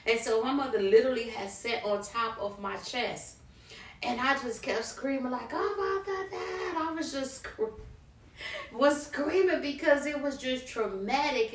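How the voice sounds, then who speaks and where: A middle-aged woman vlogger, an animated storyteller speaking straight to her viewers. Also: on the high side. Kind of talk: personal story time. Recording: roomy, from a distance.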